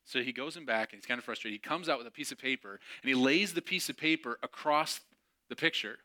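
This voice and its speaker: A middle-aged man tells a long story from the pulpit in a loose, joking way, acting out both sides of a quarrel. His voice is very bright and forward, and his pitch sits in the ordinary middle for a man. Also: fast. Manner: chatty, self-mocking, acts out dialogue with laughs. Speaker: pastor. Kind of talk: sermon storytelling.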